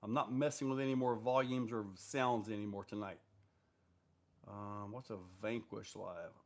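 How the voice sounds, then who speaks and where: A man's voice: fairly low pitch, steady tone, normal speed. A man hosting a casual live stream, reading viewer comments aloud and answering them in a loose, rambling way with lots of fillers. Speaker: livestream host answering viewer questions.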